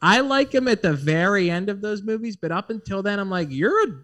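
A man in casual conversation with a slightly higher than usual pitch. He talks in an animated, rambling way, full of fillers, and slips into little acted-out voices as he goes. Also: brisk. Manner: animated, acts out quoted voices, many fillers. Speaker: podcast co-host. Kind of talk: casual chat.

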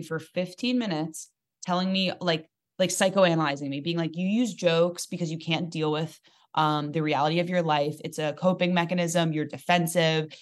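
A young adult woman comedian telling a dating story in casual podcast chat, animated and joking, with quick asides. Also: on the low side. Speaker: comedian guest.

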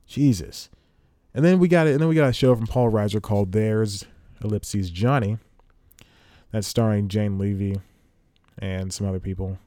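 A man hosts a solo comedy podcast and rants with real heat, wandering off on tangents and chuckling at himself. His voice sits a little low, with a mellow, soft-edged tone. The sound is dry and close, with no room around it. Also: no echo. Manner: fired-up ranting, rambling tangents, self-mocking laughs. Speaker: podcast host.

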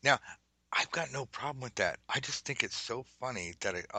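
A man's voice: medium pitch, lively intonation, normal speed, bright, forceful tone, no room sound, low-quality recording. A man hosting a casual tarot lesson podcast, rambling and chatty, drifting into side stories and the odd swear word. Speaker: podcast host teaching tarot.

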